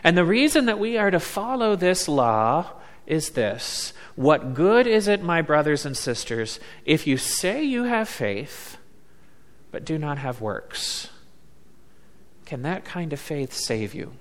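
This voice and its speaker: A man preaching a sermon as a pastor, slow and deliberate, leaning on words with emphatic pauses. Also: fairly high pitch, very animated. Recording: long reverb of a large hall.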